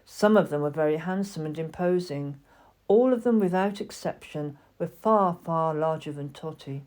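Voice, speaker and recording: A woman narrates a children's storybook in a gentle, expressive way. Her voice sits a little low and sounds mellow. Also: moderate pace. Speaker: audiobook reader.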